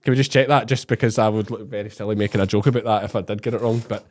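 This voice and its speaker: A man's voice: fairly low pitch, fairly even intonation, racing. A man in his thirties from Scotland with an Ayrshire Scottish accent, co-hosting a casual podcast chat, joking and laughing as he acts out little bits. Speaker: podcast co-host.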